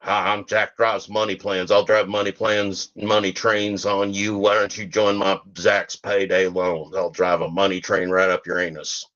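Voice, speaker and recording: A man voicing a slick, grinning male loan hustler in a smarmy sales pitch. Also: little pitch movement, moderate pace, hardly any pauses, a bit bright, lo-fi sound.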